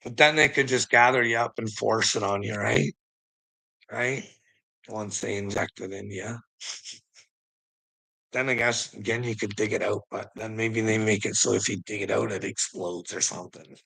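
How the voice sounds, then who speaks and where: Gravelly man rambling on a livestream. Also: on the low side, steady tone, normal speed, sharp tone, poor audio. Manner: teasing, laughs often between lines; preachy, addresses a viewer directly. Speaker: livestream host. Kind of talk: rambling live-stream chat.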